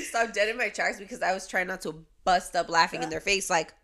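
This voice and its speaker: A young woman in casual chat, relaxed and thoughtful, acting out quoted people. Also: lowish voice, a little fast.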